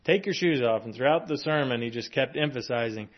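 A man's voice: mid-range voice, a little fast, muffled recording. Man preaching a conversational sermon. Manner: conversational preaching, with chuckles and fillers. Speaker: pastor.

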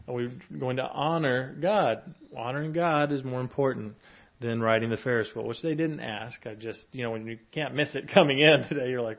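A man's voice: mid-range voice, normal speed, vocal fry, highs cut off. A man preaching a sermon in a conversational way, reading scripture and adding asides with small chuckles and fillers. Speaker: pastor.

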